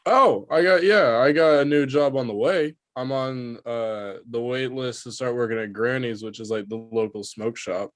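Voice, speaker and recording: A young man chats casually on a podcast, easygoing and unhurried, with filler words. His pitch is middling. His voice is close and dry. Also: no echo. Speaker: podcast co-host. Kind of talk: casual chat.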